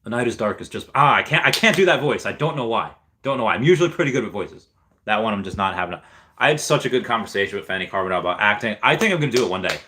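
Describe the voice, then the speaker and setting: Man, livestream host, chatty and excitable, lowish voice, reads chat aloud. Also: very fast. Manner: excitable, bursts into high squeals of delight; thinks aloud with fillers, reads out chat messages. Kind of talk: casual livestream chat reading viewer comments.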